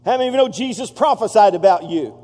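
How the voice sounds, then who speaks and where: High-voiced preacher man in a reverberant hall. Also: animated, fast talker, dark tone. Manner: preaching with call-and-response to the congregation. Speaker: pastor. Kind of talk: sermon. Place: church sanctuary. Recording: long reverb of a large hall.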